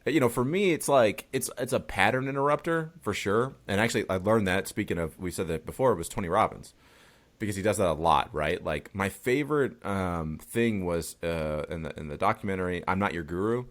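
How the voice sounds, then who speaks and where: A man's voice: low voice, brisk. A man hosting a podcast interview, talking in a loose, chatty way and swearing casually. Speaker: podcast host.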